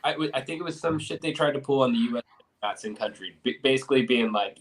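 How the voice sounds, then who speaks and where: Laid-back man with a mid-pitched voice. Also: fast. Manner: laid-back, rambling, swears casually. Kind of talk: casual chat.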